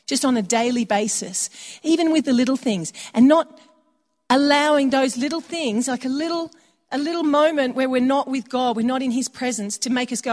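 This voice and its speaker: A woman's voice: sits high, normal speed, a little mellow. A woman preaching a sermon in a conversational way, slipping into quoted voices for little asides. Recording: long hall reverb.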